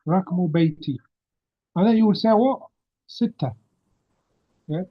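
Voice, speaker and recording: A man's voice: high voice, lively intonation, unhurried. A man teaching an Arabic grammar lesson over a video call, patiently quizzing his student. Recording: muffled video-call audio.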